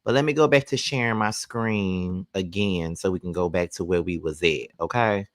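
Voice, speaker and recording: A man hosting a casual livestream, sleepy and relaxed, talking straight to his viewers. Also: deep voice, moderate pace, dry recording, studio quality. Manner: relaxed, chatty, addresses viewers directly. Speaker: livestream host. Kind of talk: casual reaction-stream chat. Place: at home by his bed.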